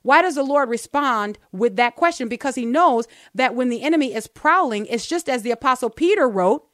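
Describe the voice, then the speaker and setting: A woman co-hosting a Christian talk show, earnestly teaching from the Bible and slowing down to read verses aloud. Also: sits high, expressive, a bit bright, no echo, clean studio sound. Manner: earnest, explains step by step, slows down to read verses.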